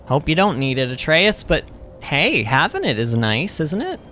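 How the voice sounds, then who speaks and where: A man streaming a video game, chatting excitedly and talking back to the game. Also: fairly high pitch, moderate pace, slight background noise. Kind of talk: gameplay commentary.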